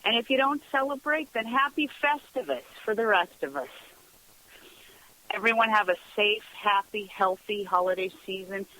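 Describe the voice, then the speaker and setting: A middle-aged woman hosts a radio talk show in a relaxed, gossipy way. Her voice is bright and forceful, and she often breaks into laughter while acting out the people in her stories. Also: mid-range voice, moderate pace, few pauses, rough recording. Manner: chatty, laughs often, acts out quoted dialogue. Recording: radio broadcast sound.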